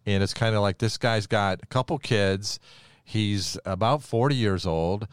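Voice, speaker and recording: A middle-aged man hosting a podcast, telling a Bible story in a lively way and acting out the quoted lines. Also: lowish voice, measured pace, clear, resonant tone, dry recording, clean studio sound. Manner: animated storyteller who acts out the quoted lines. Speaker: podcast host. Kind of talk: casual Bible storytelling chat.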